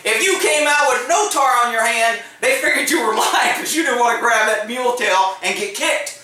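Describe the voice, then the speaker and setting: A former police officer tells stories in a blunt, joking way. His voice sits high and sounds bright and forceful. It rings around a very echoey room, picked up from some distance. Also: normal speed. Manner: blunt, joking, acts out quoted exchanges with laughs. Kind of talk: casual storytelling monologue.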